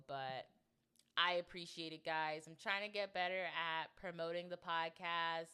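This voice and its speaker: A woman's voice: low voice, pushed and bright, clear, resonant tone. A young woman hosting her own podcast, chatting casually and self-deprecatingly with lots of "like" fillers. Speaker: podcast host. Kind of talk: casual solo podcast chat.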